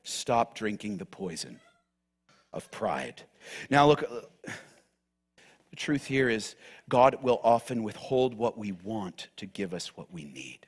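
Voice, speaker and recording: A man's voice: fairly low pitch, sing-song, slow, long pauses, slightly rough. A man preaching a sermon, emphatic and direct with the congregation, repeating key phrases. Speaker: pastor.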